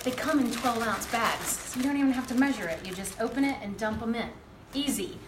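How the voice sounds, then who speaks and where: Young woman, cooking demo host, upbeat and chatty, slightly high voice, roomy kitchen echo, faint hum behind. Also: fairly quick. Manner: upbeat and chatty, with frequent ums. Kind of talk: live cooking demonstration. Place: home kitchen.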